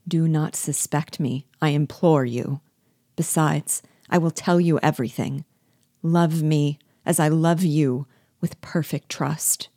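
A woman reading aloud the lines of an earnest, proud man who pleads to be trusted, in a measured, grave way. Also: deep voice, fairly even intonation, dark tone, no echo, studio quality, full character voice. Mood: pleading.

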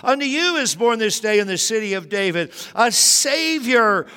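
A man in his fifties preaching a sermon as pastor, animated and joking, with sudden emphatic bursts. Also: high-pitched, moderate pace, clean tone. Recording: long hall reverb.

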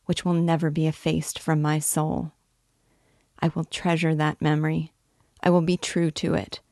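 A woman reading aloud as a remorseful young woman who pleads softly and earnestly in a letter. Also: low-pitched, gravelly, no room sound, clean studio sound. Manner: soft, earnest, imploring.

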